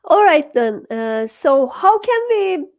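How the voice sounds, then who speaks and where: Slow-talking woman host, higher voice. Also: big pitch swings. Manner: slow, halting questions. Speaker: interview host. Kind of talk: interview hosting.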